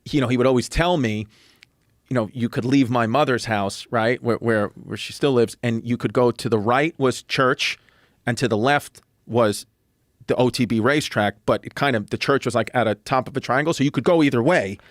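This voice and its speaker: A man's voice: mid-range voice, normal speed, dry recording, studio quality. A man, telling rambling, profane anecdotes as a podcast guest. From New York City. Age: 30s. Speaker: guest comedian. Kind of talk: casual podcast storytelling.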